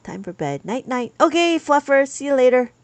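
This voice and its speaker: A woman's voice: high voice, sing-song, moderate pace, no room sound. A woman teaching abacus on a live stream, chatting with viewers and reading their comments aloud.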